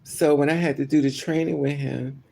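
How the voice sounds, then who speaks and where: Chatty and candid, a male vlogger shares a personal story on his livestream, addressing viewers directly and responding to their comments. He speaks at normal speed with a steady tone, his slightly high voice dark and mellow, roughened by a gravelly, creaky edge.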